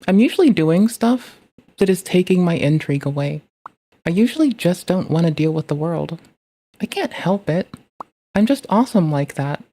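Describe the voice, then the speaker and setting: A speaker chatting in a casual, rambling way with a deadpan, nihilistic and profane manner. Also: mid-range voice, normal speed.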